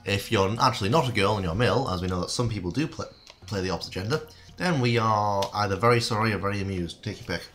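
A low-pitched man hosting a card game commentary with an easy, joking manner. His voice is deep but bright and forward. Faint music plays underneath. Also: quick pace. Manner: chatty, jokey, laughs often. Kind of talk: casual gameplay commentary.

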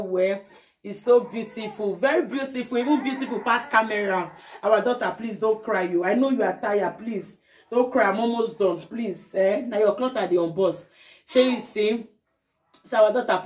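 A young woman with a Nigerian Pidgin English accent, chatting effusively in a casual unboxing vlog. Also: mid-range voice. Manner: effusive, breaks into sing-song chants. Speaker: vlogger.

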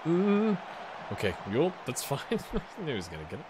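Here the gaming channel host's voice is high-pitched and swoops wildly, running a little fast and a bit bright, with a slight hiss or hum in the recording. He chats casually through a football management game, self-mocking and full of jokes and asides muttered to himself.

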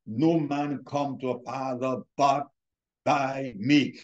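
A man preaching a sermon as pastor, emphatic, with drawn-out words and pauses, calling his listeners beloved. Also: medium pitch, fairly even intonation, dull audio.

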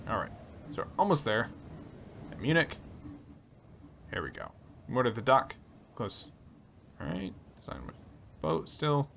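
A man hosting a relaxed let's play, reading story text aloud and chatting about his choices. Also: medium pitch, unhurried, vocal fry, long pauses, slight background noise. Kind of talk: casual gameplay commentary reading game text aloud.

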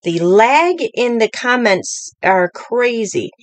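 A woman's voice: on the high side, lively intonation, slow pace, dry recording. A woman hosting a live-streamed craft tutorial from a home craft table, talking in a chatty, rambling way with many fillers. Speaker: craft demonstrator.

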